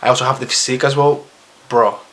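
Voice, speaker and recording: A man's voice: mid-range voice, level tone, quick pace, fairly bright tone. A young man from Spain with a Spanish accent, stuttering and restarting as he talks casually to camera in his vlog. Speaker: vlogger.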